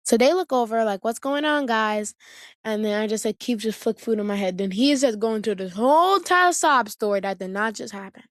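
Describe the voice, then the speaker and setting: A woman's voice: a little high, animated, brisk, few pauses, no echo, studio quality. A woman vlogger casually telling family stories, chatty and slangy, often circling back to her point. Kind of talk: casual storytelling to camera.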